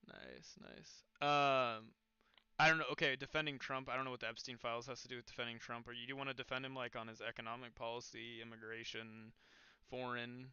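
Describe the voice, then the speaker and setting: Brief: blunt, dismissive male stream host; smooth bright tone. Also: medium pitch, brisk, no room sound, lo-fi sound. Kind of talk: casual voice-chat debate.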